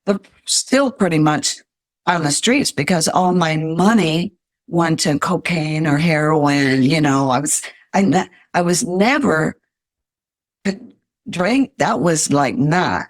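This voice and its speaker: A woman's voice: sits low, lively intonation, slow pace, dry recording, studio quality. Older woman telling her life story. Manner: earnest, emotional storytelling. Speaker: podcast guest.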